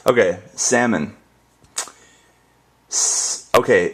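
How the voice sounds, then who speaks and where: Speaking a little slowly in a deep voice, a young YouTuber from the northern United States rambles with a joking, casual air. He works through a dialect tag and spells words aloud.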